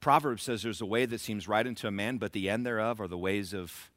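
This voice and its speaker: A male pastor preaches with an emphatic, repetitive cadence that rises to shouted bursts. His voice sits low but rings bright and forceful. The sound is close and dry. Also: a little fast, hardly any pauses, dry recording. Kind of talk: sermon.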